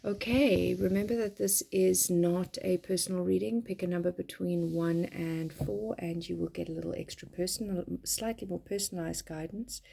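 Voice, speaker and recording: A woman with a croaky, gravelly voice that sits a little low, talking through a weekly tarot reading. Her tone is dark and mellow, and she speaks gently and without hurry. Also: steady tone, normal speed, few pauses. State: croaky voice from being unwell. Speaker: tarot reader.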